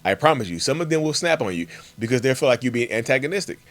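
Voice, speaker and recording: A man's voice: mid-range voice, lively intonation, fast talker. A man hosting a casual, emphatic monologue for his channel and addressing viewers directly as y'all. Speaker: channel host.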